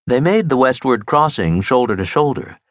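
A man narrating a mystery audiobook in a crisp, expressive storytelling manner. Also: mid-range voice, normal speed, dry recording. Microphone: close studio mic.

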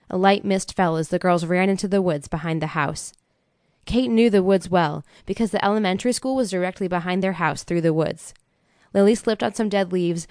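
A woman reads a thriller audiobook in steady, measured narration. Her voice sits on the low side for a woman. The recording is dry and close, with no room sound. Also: clean tone, no room sound. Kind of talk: scripted narration.

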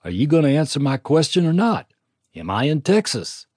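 Brief: a weak, mumbling young cowboy, husky and a little raised in pitch, as a male narrator plays him. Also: sing-song, normal speed, a little mellow, no echo, clean studio sound. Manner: drawling, mumbling.

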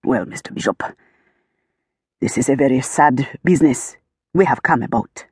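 Audiobook role: a formal, stiff middle-aged police chief with a measured, dry delivery, voiced by a woman. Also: rumbling low, a little mellow, slightly rough, no echo, pitched below the performer's own voice, full character voice. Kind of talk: audiobook character voice.

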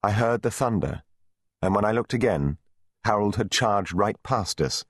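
Deep, lively male storyteller. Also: normal speed, no room sound, studio quality. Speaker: audiobook narrator. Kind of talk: scripted narration.

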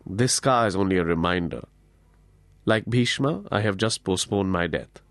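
A serene divine lord speaks gently and calmly, consoling the listener, as a man voices him in an audiobook. His voice sits fairly low and stays measured and soothing. The recording is dry and close-miked. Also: dry recording. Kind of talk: audiobook character voice.

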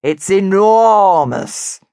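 A woman voicing a smug, know-it-all male brown bear in a children's storybook, lower and slower. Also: lively intonation, warm tone, dry recording, studio quality.

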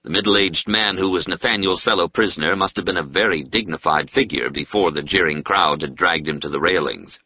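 A man narrating a historical novel in a measured storytelling voice. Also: sits low, breathy edge, no echo. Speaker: audiobook narrator. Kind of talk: scripted narration. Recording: slightly muffled dry studio audio.

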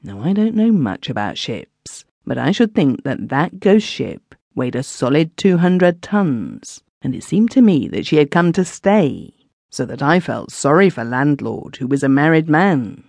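A woman's voice: low voice, very animated, measured pace, vocal fry, few pauses, darkish tone, dry recording. A woman narrating a classic story in the first person as a villager, recorded on a close studio mic. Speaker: audiobook narrator.

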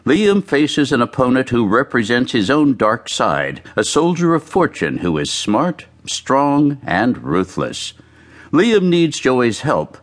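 A male audiobook narrator reading a novel in a lively way, with his pitch rising and falling a great deal. His voice sits at an ordinary middle pitch. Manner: expressive, varied reading.

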